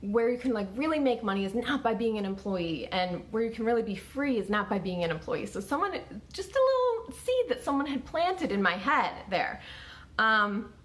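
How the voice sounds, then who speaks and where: A woman's voice: fairly high pitch, very animated, normal speed, a bit bright. A woman in her thirties telling her own story to camera in a casual, conversational way, with many fillers. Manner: conversational, lots of "like" and restarts.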